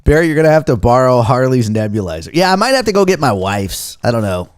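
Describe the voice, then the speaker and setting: A man's voice: medium pitch, very animated, fast talker, dry recording, studio quality. A man hosting a sports talk livestream with his voice altered by inhaled helium, trading crude jokes and banter with his chat. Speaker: sports talk show host.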